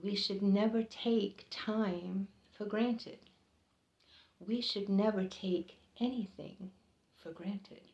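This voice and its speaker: A woman quoting a calm older male stranger who speaks slowly and solemnly, in close to her own voice. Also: medium pitch. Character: calm, tall, older man, a quiet stranger. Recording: roomy, slightly dull recording.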